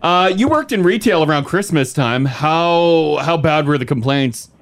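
A man's voice: fairly high pitch, animated, background noise. Upbeat man co-hosting a morning show. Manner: upbeat, joking, quick to laugh. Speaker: radio show co-host. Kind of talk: casual morning show chat.

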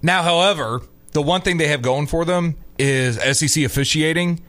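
A man co-hosting a sports talk radio show, teasing his partner in a dry, deadpan way. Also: a little high, normal speed.

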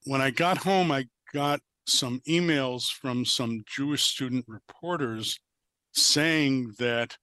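Bright-voiced male professor, matter-of-fact. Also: medium pitch, clear, resonant tone, no room sound. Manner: measured, matter-of-fact retelling. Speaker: university economics professor. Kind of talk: recounting a personal story. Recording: played back as an audio clip.

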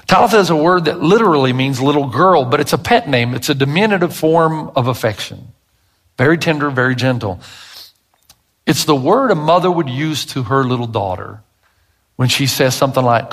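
A middle-aged male pastor preaching a sermon, emphatic and dramatic, swinging between loud bursts and hushed asides. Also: medium pitch, lively intonation, moderate pace.

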